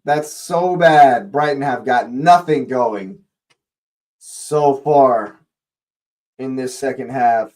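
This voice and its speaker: A man hosting a live fan watch-along, calling the match as it happens and shouting at the big moments. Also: medium pitch, takes it slowly, pauses often.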